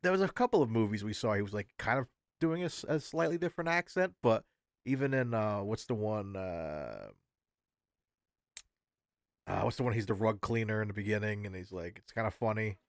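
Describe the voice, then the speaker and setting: A man's voice: fairly low pitch, animated, a little fast, dry recording, studio quality. A man co-hosting a podcast, chatting casually, rambling and searching for words as he goes. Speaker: co-host.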